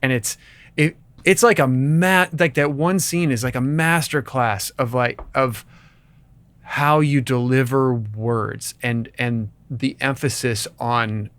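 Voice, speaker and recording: A man's voice: medium pitch, slow, fairly bright tone, no echo. A man co-hosting a film podcast, chatting enthusiastically and rambling with frequent restarts. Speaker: podcast co-host. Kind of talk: casual chat.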